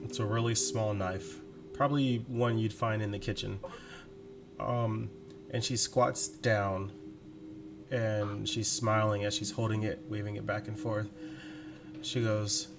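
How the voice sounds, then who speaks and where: Low-voiced man running a tabletop game. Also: flat delivery, creaky, music in the background. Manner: slow, deliberate narration with frequent laughs. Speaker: game master.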